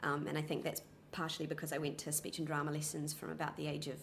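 A young woman with a soft, well-spoken New Zealand accent, answering interview questions casually with many ums and restarts. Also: deep voice, completely flat delivery, fast talker, creaky, a little hiss or hum.

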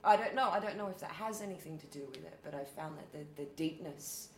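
A middle-aged Australian woman chatting and explaining in a relaxed, laughing way. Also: low-pitched, fairly quick. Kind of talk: casual chat. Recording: echoey room.

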